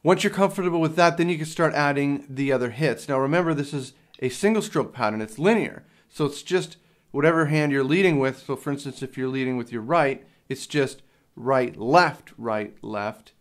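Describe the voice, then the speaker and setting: Young guy walking you through a drum lesson, mid-pitched voice, plain and patient, some uhs. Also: a little fast. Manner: plain step-by-step explaining with fillers. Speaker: drum teacher. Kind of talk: instructional lesson. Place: drum studio. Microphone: handheld field recorder.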